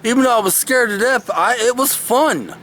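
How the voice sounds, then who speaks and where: A man's voice: very high voice, moderate pace, bright, forceful tone, a little hiss or hum. A man telling a story from his past in a rambling, folksy, casual way, recording himself outdoors in the shade of a tree. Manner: rambling, folksy, self-correcting. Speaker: vlogger. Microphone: camera he is handling himself.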